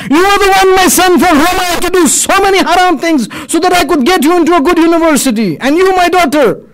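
A man's voice: very high-pitched, sing-song, moderate pace, fairly bright tone, full character voice, poor audio. A man voicing a desperate dying old man who pleads for help and protests indignantly. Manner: pleading, indignant, raising his voice.

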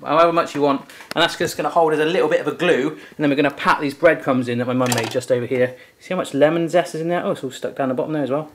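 A man's voice: on the high side, a little hiss or hum. A young man hosting a cooking video in a home kitchen, chatty and teasing as he talks through the steps. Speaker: cooking show host. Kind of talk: casual cooking chat.

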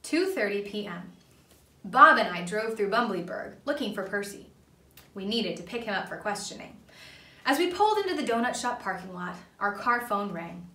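A woman reading a children's book aloud in an animated, expressive way, doing the story's voices. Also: mid-range voice, moderate pace. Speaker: storybook reader. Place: church room. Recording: echoey room, mic far off.

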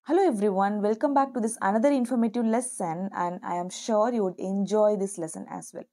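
A woman teaching an online lesson, upbeat, slowing down to model example phrases for learners to repeat. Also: mid-range voice, warm tone. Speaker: English teacher.

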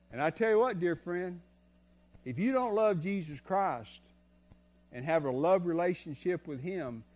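An older man, preaching a sermon as a guest speaker. He talks in a folksy, storytelling way and moves between soft asides and loud stretches. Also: high voice. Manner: folksy, tells stories, swings from soft to loud. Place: church sanctuary.

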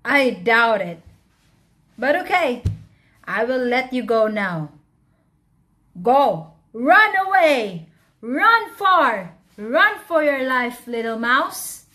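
A woman doing a proud loud lion king. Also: a little high, expressive, takes it slowly, long pauses. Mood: mocking. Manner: boastful, mocking.

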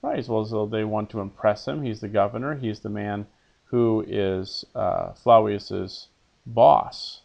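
A man's voice: on the low side, a little slow, vocal fry, darkish tone, lo-fi sound. A man teaching an elementary Latin lesson, reading phrases for a pupil to repeat, then translating them and patiently quizzing. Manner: patient, asks questions and answers them himself.

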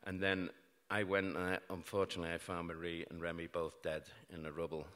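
A middle-aged British man with a low voice tells a true story on stage, mixing dark events with dry, self-mocking jokes. His voice carries a long reverb from the hall he speaks in. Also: little pitch movement, fairly quick, clear, resonant tone. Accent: British English. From Britain. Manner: wry, self-mocking humour about grim events. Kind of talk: live storytelling talk. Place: large hall before an audience.

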